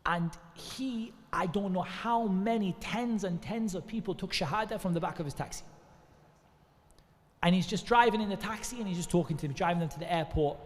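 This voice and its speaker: A man's voice: sits high, brisk, in a large hall. A man giving earnest, conversational religious advice, often repeating devotional phrases as he talks. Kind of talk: informal religious advice talk.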